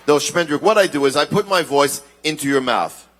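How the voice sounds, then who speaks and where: Bright-voiced male ventriloquist on stage. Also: fairly high pitch, a little fast. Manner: mixes English with Yiddish, addresses children directly. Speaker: ventriloquist entertainer. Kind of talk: live stage comedy performance.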